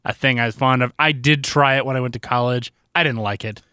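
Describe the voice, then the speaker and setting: A man co-hosting a podcast, easygoing in casual chat and quick with short agreeing replies. His voice is bright and forward in a middle pitch. The recording is dry and close. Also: clear, resonant tone, dry recording. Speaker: podcast co-host.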